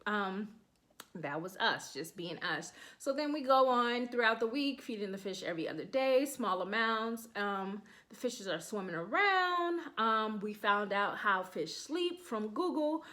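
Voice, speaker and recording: A woman's voice: medium pitch, very animated, unhurried, pushed and bright. A woman, casually telling a family story as podcast host, laughing and acting out quotes. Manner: chatty, laughing, acts out quotes.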